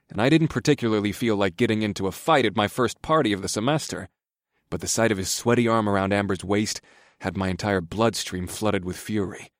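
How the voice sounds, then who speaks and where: A man narrating a first-person romance audiobook in a steady, low-key way. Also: no room sound, studio quality.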